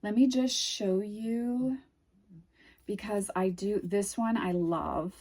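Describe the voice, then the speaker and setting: A woman with a New England accent chatting casually through an unboxing, gushing and dreamy, often trailing off into soft murmurs. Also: medium pitch, takes it slowly. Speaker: tarot video host.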